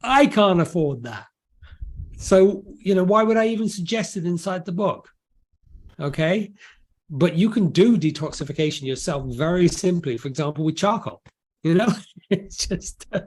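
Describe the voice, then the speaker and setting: Casual: guy chatting about his book, kinda high voice, jokey, lots of asides and restarts. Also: a little mellow. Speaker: author and guest. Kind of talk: casual interview explanation.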